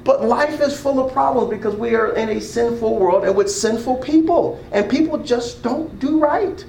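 High-voiced preacher in an echoey hall. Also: male voice, normal speed, vocal fry, a little mellow, a little hiss or hum. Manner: call-and-response, asks the room questions. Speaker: pastor. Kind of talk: interactive sermon. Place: church hall.

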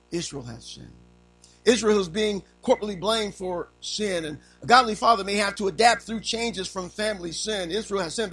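A male pastor preaching in a high, gravelly voice. His tone is bright and edged, and he swings from low, quiet lines up to raised cries. Faint music plays behind him. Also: rough recording. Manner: preaching with sweeping pitch swings, rising to cries. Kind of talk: sermon.

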